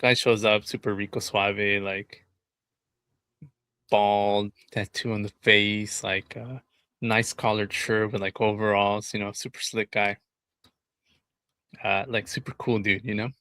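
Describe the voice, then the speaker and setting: A man's voice: on the low side, unhurried, pauses often, dry recording. A man co-hosting a podcast, telling a casual story and often laughing as he talks. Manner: laughs a lot while telling stories, animated. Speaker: podcast co-host.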